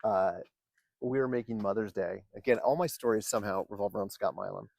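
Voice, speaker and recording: Man, casual storytelling, animated, profane, dry recording. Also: fairly low pitch, a little fast, vocal fry, dry recording. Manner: animated, swears freely, acts out quotes. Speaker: podcast guest.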